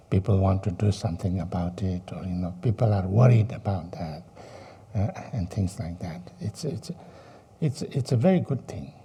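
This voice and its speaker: Man giving a dharma talk, real slow, super dark and husky voice. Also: low voice, highs cut off. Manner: slow, halting, many fillers and rhetorical questions. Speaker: Buddhist teacher. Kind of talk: dharma teaching.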